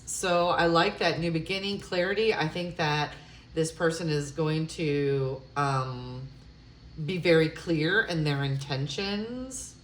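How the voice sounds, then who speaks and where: A woman's voice: deep voice, a little slow, roomy sound, noisy background. A woman giving a tarot love reading, musing aloud with hesitant fillers and breaking into gushing, effusive exclamations. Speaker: tarot reader.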